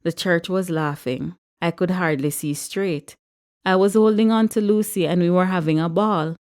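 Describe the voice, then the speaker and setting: A woman narrating a story in a lively, expressive reading style. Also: lowish voice, normal speed, smooth. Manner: lively, character-driven reading. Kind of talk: audiobook narration.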